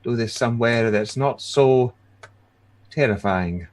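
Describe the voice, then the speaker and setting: A man's voice: mid-range voice, measured pace, natural voice. A man voicing a timid, fussy old woman adventurer who frets and stammers. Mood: wary chatter. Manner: fretful, flustered and stammering.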